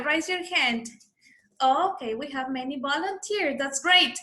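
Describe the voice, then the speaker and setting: A woman's voice: sits high, animated, unhurried, sharp tone. A woman teaching English to children over a video call, patiently coaching their pronunciation and calling on pupils one by one. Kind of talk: online class for children.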